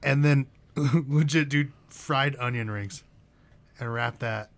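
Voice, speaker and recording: Man, podcast co-host, gravelly voice, hesitant and rambling; casual chat. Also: slow. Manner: pitching ideas with hesitant fillers.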